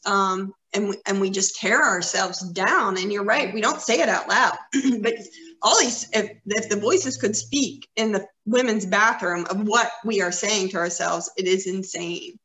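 A woman's voice: mid-range voice, a bit bright. A woman in her fifties talking in an earnest, encouraging way, rambling a little with fillers in casual conversation. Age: 50s. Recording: roomy echo.

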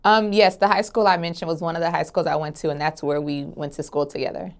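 Laid-back young woman with a gravelly edge. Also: low-pitched, flat delivery, fast. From Atlanta, Georgia. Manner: easygoing, laughs often, drawls "honey". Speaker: interview guest. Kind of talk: relaxed sit-down interview answers.

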